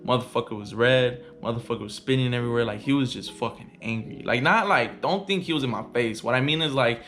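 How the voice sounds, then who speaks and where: A man's voice: mid-range voice, fast talker, a bit bright. A young man vlogging a heated, profane storytime rant in casual slang.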